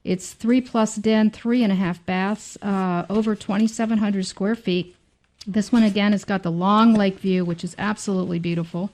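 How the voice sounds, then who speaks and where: A woman's voice: mid-range voice, fairly even intonation, moderate pace, darkish tone. Chatty woman praising a home listing. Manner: chatty, admiring, many fillers. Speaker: real estate agent on a radio show. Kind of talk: casual radio talk show.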